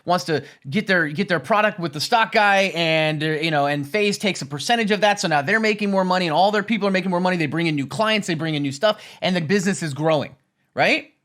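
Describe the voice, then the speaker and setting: Talking fast in a high, slightly bright voice, this man streams about stocks, laying out finance in a loose, rambling way. He says things more than once, ends points with "right?", and throws in crude jokes.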